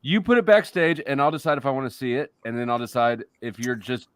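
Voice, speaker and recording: A man's voice: medium pitch, expressive, quick pace, clear, resonant tone, no room sound. A man hosting a casual live stream panel, giving blunt, dry refusals. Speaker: stream host.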